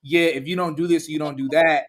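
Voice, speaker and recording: Animated, higher-voiced man hosting. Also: fairly quick, slight background noise. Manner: animated, laughing, acts out quotes. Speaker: podcast host. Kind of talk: casual podcast chat.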